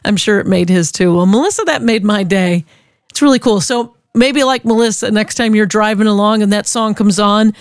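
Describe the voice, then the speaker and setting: An upbeat woman hosts a radio show and talks in a casual, chatty way. She tells stories with animation, and her voice sits in the middle of the pitch range. The studio sound is dry and close. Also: moderate pace, no room sound. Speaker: radio host.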